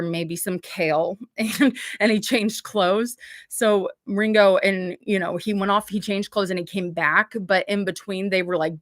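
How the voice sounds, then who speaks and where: A woman's voice: medium pitch, no room sound, clean studio sound. Rambling, chatty woman livestreamer. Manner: rambling, chatty, heavy on "like" fillers; blunt, swears freely. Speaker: livestream host. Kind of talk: casual livestream chat.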